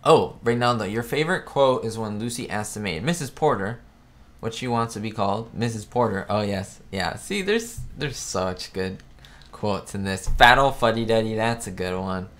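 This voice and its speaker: Low-voiced man rambling on a live stream. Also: lively intonation, moderate pace. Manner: rambling, chatty, self-correcting. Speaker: host of a live chat show. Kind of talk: casual live-stream chat. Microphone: webcam setup.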